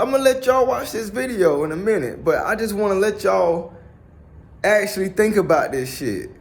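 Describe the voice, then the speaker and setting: Blunt, profane man talking slowly. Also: high voice. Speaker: commentator. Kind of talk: casual opinionated monologue.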